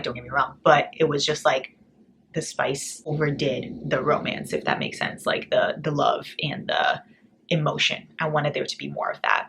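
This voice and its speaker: A young American woman chatting casually through a book reading wrap-up, blunt and animated, swearing freely. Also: deep voice, vocal fry, a little hiss or hum. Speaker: book vlogger.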